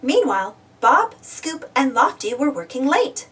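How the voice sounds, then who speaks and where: A woman gently reading a children's storybook aloud as a storyteller. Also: sits high, very animated, measured pace, distant mic.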